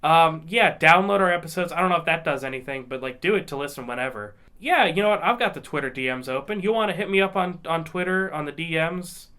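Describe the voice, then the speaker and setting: A man's voice: a little high, animated, quick pace, few pauses, bright, forceful tone, smooth. A man co-hosting a casual podcast, rambling with many restarts. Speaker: podcast co-host. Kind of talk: casual chat.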